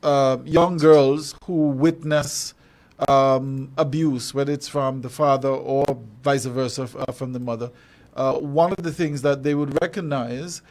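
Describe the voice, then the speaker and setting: Hesitant male radio host. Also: mid-range voice. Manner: hesitant, repeats words, encouraging. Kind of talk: radio interview. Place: radio studio.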